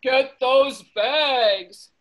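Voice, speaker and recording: A woman's voice: high-pitched, drawn-out words. Woman doing Gerald, a fussy bossy elephant. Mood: bossy fretful. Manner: bossy, chanting, fretful outbursts. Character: fussy worried male elephant planner.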